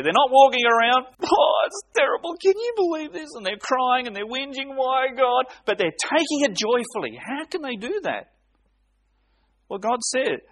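Man, preacher, slow emphatic sermon, expressive rising voice. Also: high-pitched. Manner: slow, emphatic preaching with dramatic pauses, reading scripture aloud. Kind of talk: expository sermon.

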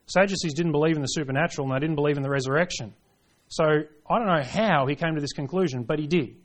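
A man preaching a sermon, reading scripture aloud and driving points home, swinging between hushed lines and forceful ones. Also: fairly high pitch, fast talker. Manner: reads scripture aloud in King James wording.

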